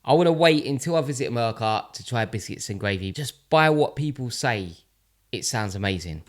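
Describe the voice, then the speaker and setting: A man's voice: mid-range voice, animated, a little fast. A man with a British accent hosting a reaction video, making friendly, chatty comments between clips. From United Kingdom.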